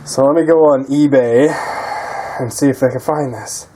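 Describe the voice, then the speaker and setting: A man's voice: medium pitch, steady tone, moderate pace, warm tone, a little hiss or hum. A man talking casually while repairing a quad in his garage, muttering and cursing often. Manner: profane, frustrated muttering. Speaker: DIY mechanic vlogger.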